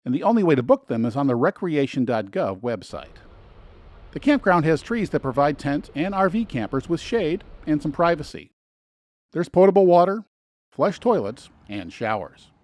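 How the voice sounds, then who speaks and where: A man's voice: on the high side, sing-song, normal speed, a little mellow, no room sound. A man hosting a travel guide, giving scripted narration with dry, sarcastic asides.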